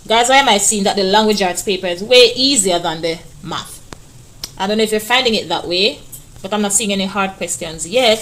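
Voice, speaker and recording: A woman's voice: medium pitch, a bit bright. A woman teacher, walking children through test answers in a chatty way and stretching words to stress them.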